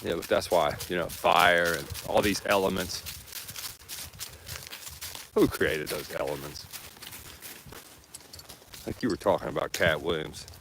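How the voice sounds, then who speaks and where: A man's voice: deep voice, unhurried, vocal fry, pauses often, a bit bright, a little hiss or hum. A man musing aloud to his viewers outdoors while walking with his dogs. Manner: laid-back, musing, talks to his dogs. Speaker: vlogger. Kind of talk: rambling outdoor chat.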